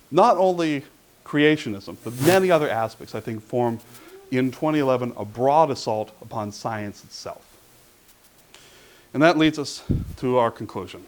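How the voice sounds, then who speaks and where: Wry man giving a lecture. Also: medium pitch. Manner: wry, conversational, with asides. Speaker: guest speaker. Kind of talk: public lecture.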